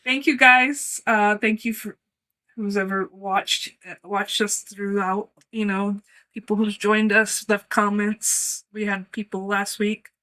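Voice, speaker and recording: A woman's voice: medium pitch, steady tone, slow pace, pushed and bright. A woman co-hosting a casual chat, rambling and giggling often. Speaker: co-host.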